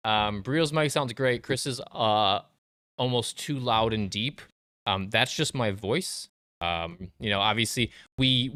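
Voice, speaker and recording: A man with a loud, deep voice chats casually as a livestream co-host. He jokes and runs down his own sound, with lots of fillers. The tone is smooth and resonant, and the sound is dry and close. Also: dry recording. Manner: jokey, filler-heavy, self-deprecating.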